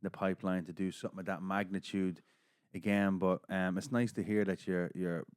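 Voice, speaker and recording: A middle-aged Irish man with a lowish voice spins a story in casual podcast chat, swearing and acting out the quotes. The sound is dry and close, with no room echo. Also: steady tone, brisk, smooth. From Ireland. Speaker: podcast host.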